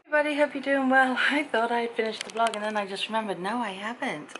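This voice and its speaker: A woman's voice: a little high, quick pace, a bit bright, a little hiss or hum, rough recording. A middle-aged British woman vlogging in a casual, chatty way, telling stories and acting out both sides of each conversation, sounding tired. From Britain. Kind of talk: casual chat to camera.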